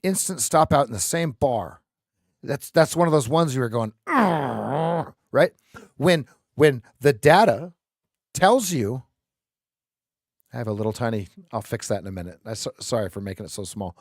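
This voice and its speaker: A man hosting a live trading stream, explaining charts in an animated, joking way and often repeating his words. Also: medium pitch, normal speed, no echo, clean studio sound.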